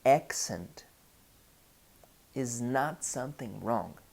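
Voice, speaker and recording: A Brazilian man, a native Portuguese speaker, teaching an online English lesson with a Brazilian Portuguese accent, speaking deliberately and repeating key phrases. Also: medium pitch, animated, gravelly, darkish tone.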